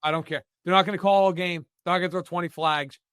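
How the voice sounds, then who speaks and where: A man's voice: high voice, fairly even intonation, quick pace, a bit bright, clean tone, no echo, clean studio sound. A man giving blunt, opinionated football analysis in a casual podcast chat. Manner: emphatic, opinionated, many "like" fillers.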